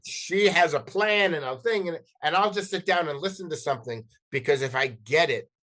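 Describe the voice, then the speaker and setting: A middle-aged man from New Jersey and New York City, a podcast guest telling animated stories in casual interview talk, often acting out dialogue and restarting his sentences. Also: on the high side, moderate pace. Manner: animated, acts out quoted dialogue, frequent restarts and "like".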